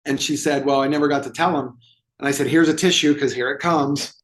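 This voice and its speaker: A man's voice: a little high, steady tone, a little fast, a bit bright. A man telling a client story as a guest in an interview, acting out the dialogue with animation. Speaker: movement therapy expert guest.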